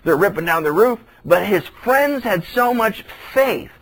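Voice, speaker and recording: A man with a high voice delivers a sermon as a pastor. He preaches with animation and hammers home his points through repetition. He slips into the voices of the people he describes. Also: expressive, a little slow, fairly bright tone, poor audio. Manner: repeats phrases for emphasis.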